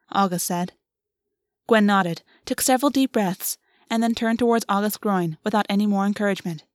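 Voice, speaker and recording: A woman narrating a novel in an even, measured audiobook reading. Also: mid-range voice, dry recording, clean studio sound. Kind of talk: scripted narration.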